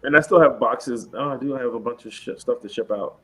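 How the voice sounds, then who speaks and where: A man's voice: medium pitch, a little fast, husky. A man co-hosting a podcast in casual, laid-back chat, rambling and joking. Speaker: podcast co-host.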